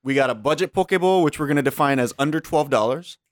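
Steady man from Hawaii, wry. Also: a little high, fast talker, dry recording, clean studio sound. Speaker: podcast co-host. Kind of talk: casual chat.

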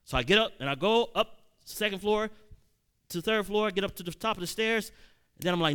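A man in his thirties tells a personal story as a sermon, slipping from easy conversation into loud, emphatic peaks. His voice is bright and ringing, pitched a little high for a man, with frequent stammered restarts. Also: fast talker, clean tone. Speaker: preacher.

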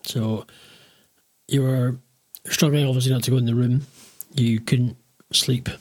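A man conducts an interview, stopping and rephrasing his questions as he goes. His voice is slightly husky at a middle pitch, and the recording is dry and close. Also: fairly even intonation, a little slow, dry recording.

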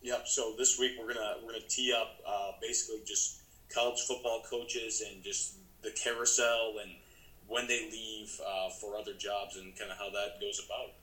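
A man co-hosting a sports podcast, talking in a casual, conversational way with quick asides. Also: lowish voice, little pitch movement, sharp tone. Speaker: podcast co-host. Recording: roomy, echoey sound.

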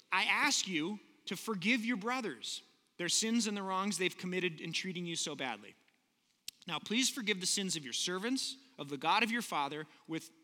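A man preaching a sermon, retelling scripture casually and slowing down for emphasis. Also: sits high, pushed and bright, in a large hall. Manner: casual storytelling, switching to slow emphatic delivery. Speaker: pastor.

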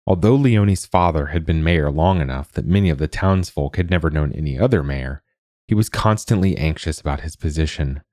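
A man narrating a storybook in a measured, wry way. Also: extremely low pitch, darkish tone, no room sound.

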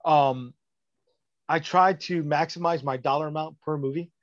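High-voiced, blunt swearing man. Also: steady tone, normal speed, dry recording, muffled recording. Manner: blunt, profane, dismissive. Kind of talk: casual chat.

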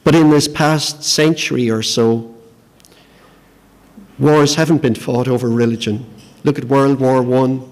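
A man's voice: mid-range voice, darkish tone. Man preaching a sermon in a reverberant hall. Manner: earnest, repeats words when starting phrases.

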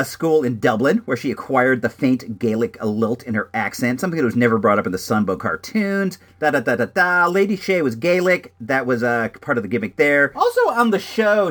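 A man casually chatting to the camera about an action figure in his collection, laid-back and excitable, peppering his talk with "like" and "dude". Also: medium pitch. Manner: excitable, voice jumping up and down.

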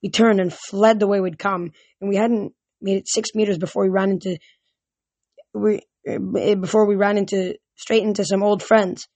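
Amateur audiobook narrator, middle pitch, halting with restarts, dry close mic. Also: little pitch movement, a little mellow, no echo. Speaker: audiobook reader.

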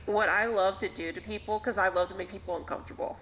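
A woman's voice: mid-range voice, steady tone, fast talker, a bit bright, a little hiss or hum. A woman telling a story in casual podcast chat, wry and playful in her delivery. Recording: dull lo-fi recording.

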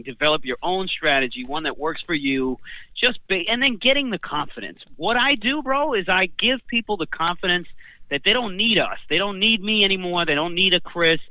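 A man's voice: a little high, no room sound. A man talking as a guest on a casual podcast, laid-back, swearing freely and calling people bro and man. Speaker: podcast guest, trading coach. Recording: tinny phone-line audio.

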